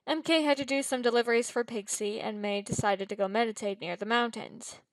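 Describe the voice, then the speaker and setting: A woman's voice: on the high side, a little fast, dry recording, close to an everyday voice, rough recording. A woman doing an easygoing, teasing young adult. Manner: relaxed, teasing.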